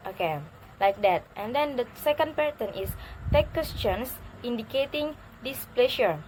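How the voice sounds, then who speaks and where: Halting young woman student explaining intonation. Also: fairly high pitch, animated, darkish tone, slight background noise, rough recording. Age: young adult. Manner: halting, with many fillers and restarts. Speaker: English student. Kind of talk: recorded class presentation.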